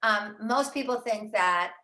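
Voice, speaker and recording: An older woman talks chattily and animatedly, full of fillers and restarts. Her voice is bright and forceful. The sound rings in a roomy home writing studio. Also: medium pitch, measured pace. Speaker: author and host. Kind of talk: casual conversation about writing. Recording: roomy echo.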